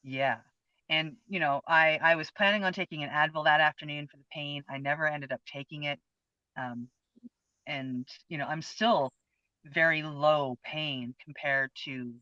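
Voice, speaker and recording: A woman's voice: deep voice, fairly even intonation, unhurried, bright, forceful tone, no echo. A woman in her fifties co-hosting a casual chat, telling a personal experience in an earnest, open, heartfelt way. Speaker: co-host. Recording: dull lo-fi, dry sound.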